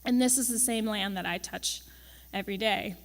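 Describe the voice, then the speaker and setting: A woman's voice: medium pitch, moderate pace. A young woman giving a conversational presentation to an audience as a campus farm manager. She is chatty and wry, with frequent ums and tag questions. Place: large event hall. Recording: long reverb of a large event hall.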